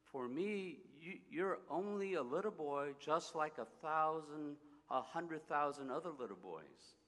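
A gentle, wise fox from a storybook speaks slowly and earnestly, voiced by a man reading aloud. His unhurried words ring out in a long hall reverb. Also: fairly high pitch, expressive, voice pushed up. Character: wise gentle male fox, patient teacher.

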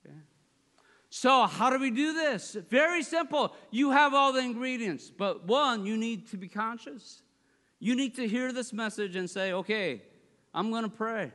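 A man preaching in a hall with a long, ringing reverb. His voice is high and bright, and his delivery is animated, jumping from loud, high bursts to hushed, low asides. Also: moderate pace. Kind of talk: sermon.

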